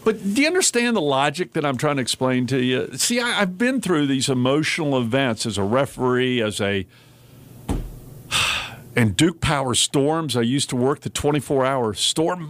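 A man hosts a talk radio show into a studio microphone. He talks at a middling pitch, chatty and animated, and jumps into raised voices to act out what people said. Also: normal speed. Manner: animated storyteller, acts out quotes in raised voices. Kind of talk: casual talk radio chat.

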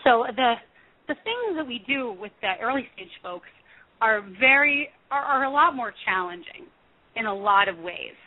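A woman's voice: a little high, very animated, moderate pace. A woman in her thirties, a music therapist, answering interview questions thoughtfully, with many fillers and self-corrections. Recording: tinny phone line.

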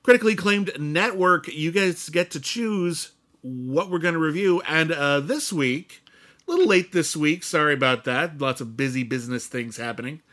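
Bright-voiced chatty male podcast critic. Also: fairly high pitch, expressive, moderate pace. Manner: chatty, laughs easily, many fillers. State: sore side, hurts to laugh. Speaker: podcast co-host, film critic. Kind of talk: casual film podcast chat.

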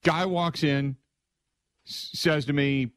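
A middle-aged male sports radio host, telling a long rambling story full of asides in an excitable way. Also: fairly high pitch, slow, smooth, no echo, studio quality. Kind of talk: animated storytelling monologue.

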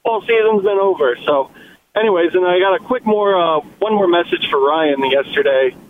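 A man's voice: sits high, normal speed, slight background noise. Opinionated male caller on a phone line. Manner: opinionated, rallying fans. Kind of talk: call-in comments.

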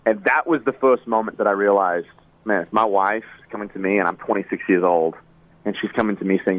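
Man, earnest, halting, restarts often, low voice, dry phone-like line. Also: steady tone, dry recording. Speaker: interviewed singer. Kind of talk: emotional personal interview.

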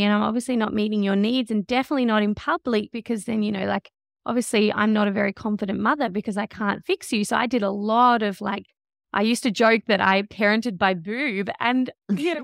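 A woman in her thirties hosting a casual parenting podcast, chatty and animated, acting out the voices she quotes. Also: a little high, gravelly, no echo, studio quality. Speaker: podcast host.

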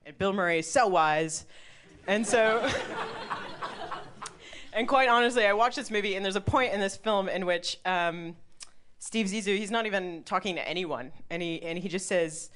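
A woman in her thirties from Milwaukee, Wisconsin, tells a personal story to a live audience, chatty and laughing, full of "like" and swearing. Her medium-pitched voice is a bit bright and her pace moderate.

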